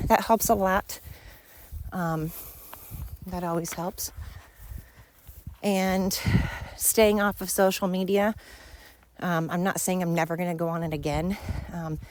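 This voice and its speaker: A woman's voice: lowish voice, steady tone, a little slow, pauses often, no room sound. A middle-aged woman hosting a podcast, talking in a rambling, candid and profane way while she walks outdoors with her dogs. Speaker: podcast host. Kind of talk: casual monologue.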